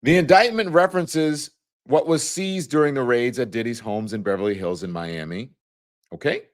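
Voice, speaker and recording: A man hosting a talk show, reading a document aloud and adding playful, chatty asides to his viewers. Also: medium pitch. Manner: playful, quick to crack jokes. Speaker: show host. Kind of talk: live news commentary talk show.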